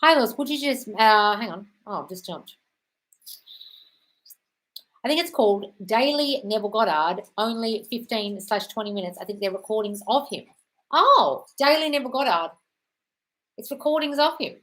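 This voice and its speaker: A woman's voice: mid-range voice, animated, moderate pace, fairly bright tone, low-quality recording. Woman, live stream host, breezy, chatty, reads out questions. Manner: breezy and chatty, calls everyone darling. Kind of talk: live stream Q&A, reading viewer questions aloud.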